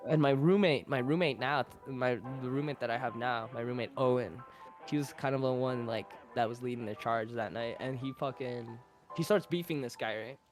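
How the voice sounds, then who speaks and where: A man's voice: mid-range voice, normal speed, soft background music. A young man telling a story as a podcast guest in casual, rambling talk, full of swearing and "like" fillers. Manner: profane, rambling, with filler 'like'.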